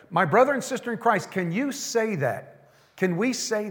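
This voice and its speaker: A pastor preaching a sermon, slowing down to stress the scripture lines he quotes. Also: a little high, animated, fairly bright tone, big-room sound.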